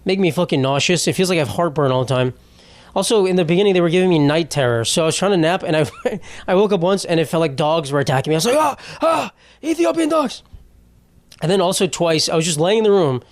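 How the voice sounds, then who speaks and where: A man hosting a comedy podcast in a somewhat high voice, rambling through profane stories and laughing at his own jokes. The sound is close and dry. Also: fast talker, no echo. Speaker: podcast host.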